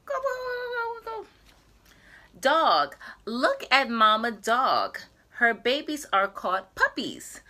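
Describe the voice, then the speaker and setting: A woman, an English teacher, reading a picture book aloud slowly and clearly for young children in a sing-song way. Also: fairly high pitch, pushed and bright.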